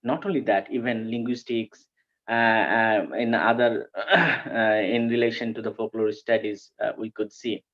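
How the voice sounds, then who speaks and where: A man, presenting a conference paper and pausing often with fillers and restarts. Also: lowish voice, steady tone, fairly bright tone, highs cut off. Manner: hesitant, frequent fillers and restarts. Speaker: academic presenter.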